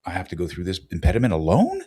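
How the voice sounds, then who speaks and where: Deep-voiced man, emphatic and punchy. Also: wildly swooping pitch, fast talker, mellow, breathy edge. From Los Angeles. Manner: emphatic, preachy, punchy short lines. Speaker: podcast guest, actor. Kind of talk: casual interview chat.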